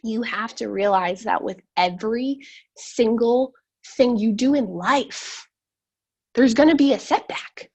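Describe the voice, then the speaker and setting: A young woman giving a blunt, animated motivational talk to her sales team over a video call, rambling with lots of fillers. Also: fairly high pitch, a little slow, slightly rough.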